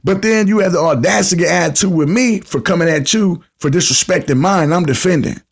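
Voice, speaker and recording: On his casual call-in podcast, a fifty-something American host spins stories in thick slang and performs the voices of the people he quotes. He talks quickly, his voice high-pitched and husky with vocal fry.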